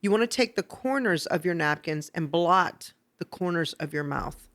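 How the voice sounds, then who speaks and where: A woman's voice: lowish voice, moderate pace. Woman teaching etiquette on a podcast. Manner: instructive, explains step by step with "okay?" and "right?"; laughs and gets lively when telling stories. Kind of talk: casual podcast chat. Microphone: podcast microphone.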